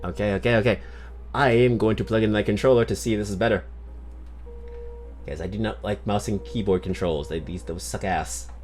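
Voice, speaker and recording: A man's voice: fairly low pitch, fairly even intonation, fairly quick, darkish tone, soft background music. A man from Massachusetts doing casual game commentary as a streamer, joking, swearing and poking fun at himself. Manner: joking, swears, self-mocking.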